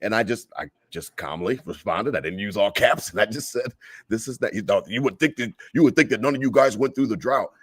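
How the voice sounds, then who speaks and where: A man co-hosting a casual sports podcast, giving an animated, heated fan rant. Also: on the low side, a little fast, slightly rough, no echo. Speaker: podcast co-host.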